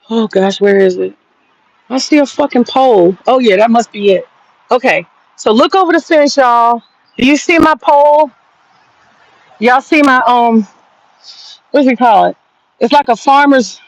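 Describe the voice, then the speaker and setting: A woman's voice: a little high, dry recording, low-quality recording. A woman vlogging outdoors in her backyard on a handheld phone, chatting casually and telling stories full of profanity. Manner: profane, rambling storyteller. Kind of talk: casual chat.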